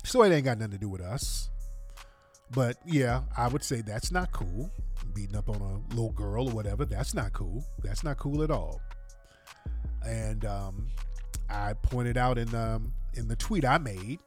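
A man's voice: mid-range voice, lively intonation, a little slow, soft background music. An American man hosting a livestream, talking in casual commentary that is slangy, sarcastic and exasperated. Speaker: livestream host.

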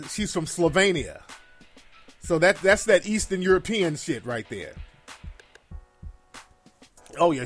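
A man hosting a call-in livestream show, delivering blunt, profane, emphatic commentary that repeats its key phrases for force. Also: fairly high pitch.

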